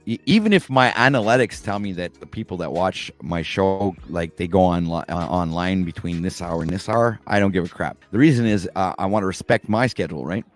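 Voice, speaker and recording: Laid-back man hosting a live stream. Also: low-pitched. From Canada. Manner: rambling, laid-back, many fillers and restarts. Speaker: livestream talk show host. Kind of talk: casual livestream chat.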